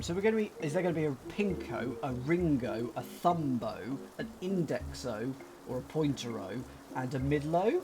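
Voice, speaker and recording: A man's voice: medium pitch, expressive, normal speed, noisy background. A man casually commenting as he plays a puzzle game, with self-deprecating jokes and mumbled thinking aloud. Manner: self-deprecating, jokey asides. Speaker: let's-play host.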